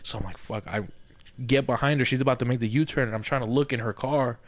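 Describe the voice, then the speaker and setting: A man co-hosting a podcast, telling a long story in a casual, animated and profane way, often asking "you feel me". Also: medium pitch, quick pace. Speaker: podcast co-host. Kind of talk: casual storytelling among friends.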